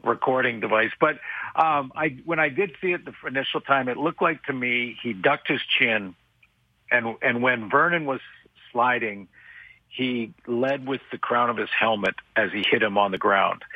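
A man giving football analysis on a radio talk show, halting and restarting often, with a dry sarcastic streak. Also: mid-range voice, breathy edge, dry recording. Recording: tinny phone line, dry.

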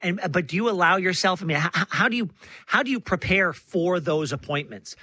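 A man's voice: sits high, expressive, a little fast, pushed and bright, slightly rough, no echo. A man hosting a radio interview, asking probing, searching questions and introducing segments. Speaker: radio show host.

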